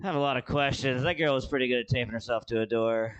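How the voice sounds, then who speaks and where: A man's voice: mid-range voice, fast talker, clear, resonant tone, muffled recording. A man hosting a comedy show on a club stage, joking about the last set and hyping up the next act. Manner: hyped, introduces acts with shouts.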